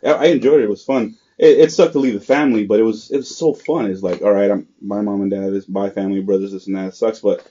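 A veteran speaks fast and plainly about his service on a casual podcast, swearing freely. His voice is low, dark and husky. The sound is muffled and lo-fi. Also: steady tone. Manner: matter-of-fact, swears casually. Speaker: military veteran guest.

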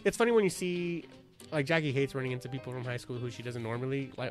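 A man's voice: medium pitch, animated, brisk, a bit bright, faint music behind. A man hosting a casual podcast chat, joking crudely and laughing often. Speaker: podcast host.

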